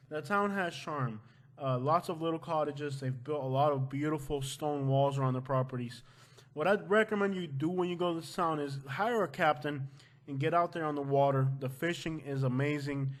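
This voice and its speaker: A man from Florida hosting a casual vlog, talking loosely and breaking into loud joking outbursts at home. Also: on the high side, moderate pace. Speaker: vlog host. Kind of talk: casual chat. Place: at home with his wife.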